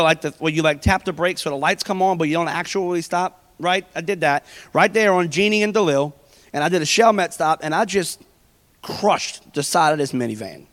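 A man's voice: high voice, fairly bright tone, big-room sound. A man, preaching a sermon in a conversational way, full of personal stories. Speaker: pastor.

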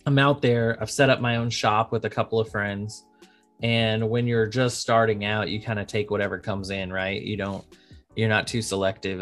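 A man in his thirties, an insurance attorney, talking casually in a podcast interview and acting out dialogue as he tells stories. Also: on the low side. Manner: animated storyteller, acts out quoted dialogue.

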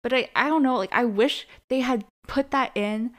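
A woman co-hosting a podcast, recapping a TV episode in loose, casual conversation. She leans on fillers and quick asides. She mimics the characters' lines as she retells the scenes. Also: on the high side. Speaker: podcast co-host.

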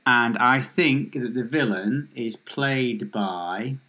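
A man's voice: medium pitch, takes it slowly, sharp tone. Rambling man sketching movie scenes. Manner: rambling, builds scenes with restarts and fillers. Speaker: podcast co-host. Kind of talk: casual chat, pitching a made-up film.

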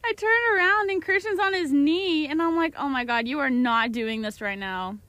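A young woman co-hosting a podcast, telling a story in casual chat and acting out quotes in a high, animated voice. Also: moderate pace, no echo. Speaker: podcast co-host.

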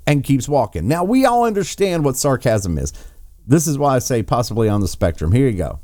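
A man mocks and rants his way through courtroom footage. His voice has a lively, swooping delivery that is full of scorn, and it is recorded close and dry with no room sound at all. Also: mid-range voice, a little fast, no room sound. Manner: mocking, profane, sarcastic. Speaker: political commentator. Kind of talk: reacting to trial clips.

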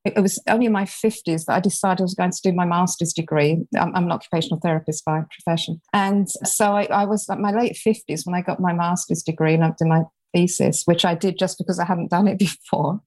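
A woman's voice: lowish voice, steady tone, brisk, few pauses, a little mellow, dry recording. A woman in her sixties from England, an author guest telling her story earnestly and reflectively in an interview. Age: 60s. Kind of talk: interview conversation.

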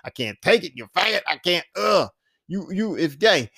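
A man's voice: high voice, very animated, moderate pace, fairly bright tone, full character voice. A man playing a brash, crude teenage girl. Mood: taunting. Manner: profane, blunt and mocking.

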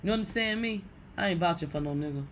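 A woman hosting a casual celebrity gossip show, blunt, profane and animated. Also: on the low side, fast talker, a little hiss or hum.

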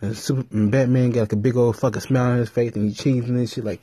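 A man vlogging in a rambling, profane, animated way, retelling stories with frequent restarts. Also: medium pitch, brisk, few pauses, slightly rough, dry recording. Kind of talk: casual commentary.

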